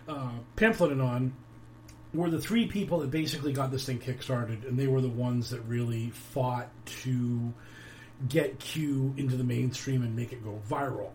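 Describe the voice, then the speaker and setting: A man's voice: mid-range voice, darkish tone, a little hiss or hum. A man hosting his own show, talking in a rambling, sardonic way with lots of fillers. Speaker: podcast host. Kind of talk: casual commentary.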